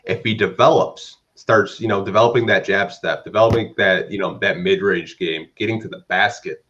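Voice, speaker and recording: A man's voice: low voice, moderate pace, a bit bright. A man co-hosting a casual basketball podcast, talking in an easygoing, thoughtful way, on dull lo-fi audio. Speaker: podcast co-host. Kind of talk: casual sports talk.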